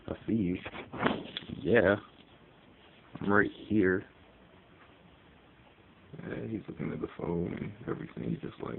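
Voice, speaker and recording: A Connecticut man with a deep, gravelly, steady voice rambles casually about his pet in a phone-recorded vlog, speaking at normal speed with long pauses and many fillers. The tinny phone audio carries faint ambience and a little hiss or hum.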